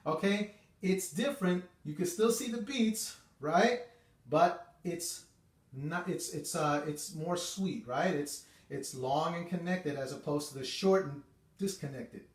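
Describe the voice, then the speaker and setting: Chatty music teacher, echoey room. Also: male voice, on the high side, unhurried. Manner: chatty, repeats itself, says okay often. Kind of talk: casual video music lesson. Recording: echoey room, mic at a distance.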